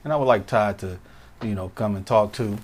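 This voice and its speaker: A man hosting a podcast who asks thoughtful questions in a casual way, with halting restarts. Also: fairly low pitch, a little mellow. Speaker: podcast host. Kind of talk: casual interview.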